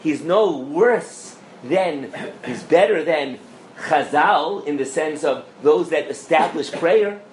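Male rabbi, Torah class, animated, checks in with audience, slightly high voice, roomy hall mic. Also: slow pace, slight background noise. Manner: animated, asks the audience questions, mixes in Hebrew and Yiddish terms. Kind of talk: lively Torah lecture to a live audience. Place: lecture room with an audience.

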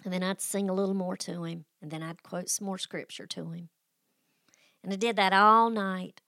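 A woman's voice: medium pitch, steady tone, normal speed, pushed and bright, no room sound, studio quality. A middle-aged woman who hosts a faith podcast and tells a personal story in a folksy, emotional way, with sighs and restarts. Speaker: podcast host.

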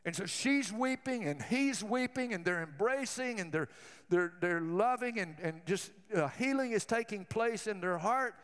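High-pitched guy preaching a sermon, all fired up and telling stories, big echoey church sound. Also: expressive, normal speed, fairly bright tone, clean tone. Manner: fervent, storytelling preaching. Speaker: pastor.

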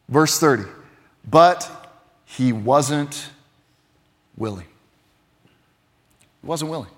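A male pastor preaching a sermon, earnest and emphatic, dropping to a hush for weight, in a church sanctuary. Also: on the high side, slow pace, long pauses, big-room sound. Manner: earnest, emphatic, swings between loud and hushed.

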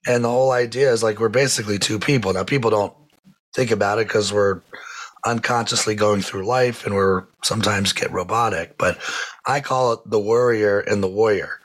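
Here a man hosts a podcast, his lowish voice fairly even in intonation and moderate in pace. He rambles through a casual interview conversation, restarting often and leaning on fillers.

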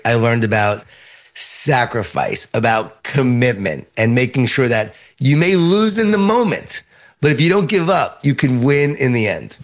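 A middle-aged man from Long Island, New York, with a Long Island accent, telling stories as an author in an interview, animated and emphatic. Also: medium pitch, moderate pace. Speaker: author and leadership speaker. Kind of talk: interview storytelling.

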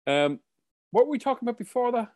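A man's voice: very high-pitched, sing-song, fast, crowd noise. A young Irish man co-hosting a podcast in casual, jokey chat, laughing often and swearing freely. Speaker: podcast co-host.

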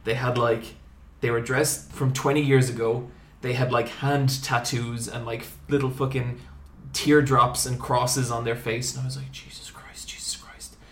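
A young podcast host tells an animated comic story in casual chat, swearing freely. His voice is at an ordinary middle pitch and a little slow, and the room sounds noticeably echoey.

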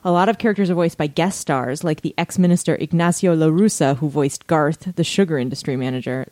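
A woman's voice: sits low, a little fast, few pauses, darkish tone, no echo. A woman co-hosting a podcast, reading facts aloud in casual chat with frequent asides and laughter. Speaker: podcast co-host.

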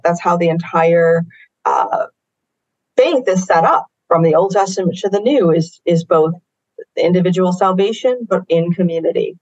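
A woman with a fairly low voice talks through ideas as an author guest, weighing each point as she goes. The sound is dull and slightly lo-fi, dry and close, with no room around it. She explains at an easy, reflective pace. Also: no echo. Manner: thoughtful, explanatory, works ideas out aloud. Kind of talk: podcast interview answer.

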